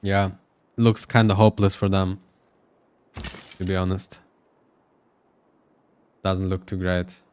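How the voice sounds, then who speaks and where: Guy casting a strategy game live, lower voice, clean and smooth, kinda thinking out loud as he goes. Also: little pitch movement, slow, pauses often. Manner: loose, thinking-aloud play-by-play. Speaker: esports caster.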